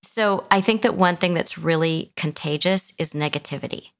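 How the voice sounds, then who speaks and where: A woman's voice: fairly low pitch, moderate pace. A middle-aged woman, a psychotherapist guest in an interview, who explains things earnestly and often restarts her sentences. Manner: earnest, explanatory, many restarts, acts out quotes. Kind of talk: conversational interview.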